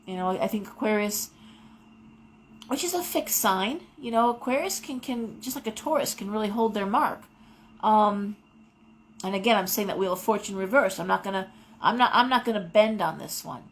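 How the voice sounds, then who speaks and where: A woman's voice: mid-range voice, animated, normal speed, slight background noise, poor audio. A middle-aged woman hosting a live tarot show, talking casually and wandering off into personal stories. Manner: rambling, digressive storytelling. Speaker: tarot reader host.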